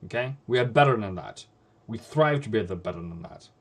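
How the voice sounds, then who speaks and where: A man's voice: fairly low pitch, lively intonation, brisk. A man with Norwegian as his first language hosts a live trading stream. He scolds bluntly and repeats phrases for emphasis. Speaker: forex trading livestream host.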